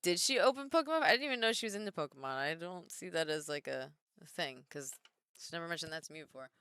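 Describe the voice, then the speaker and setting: Chatty woman streamer, bright clear voice. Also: fairly low pitch, expressive, quick pace. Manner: chatty, reads viewer comments aloud and answers them. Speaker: streamer and wrestler. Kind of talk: casual live-stream chat.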